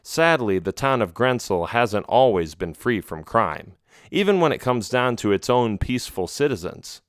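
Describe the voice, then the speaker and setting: A man reading a children's adventure audiobook in a steady, measured way. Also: mid-range voice, no room sound, studio quality. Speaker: audiobook narrator. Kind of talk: storybook narration.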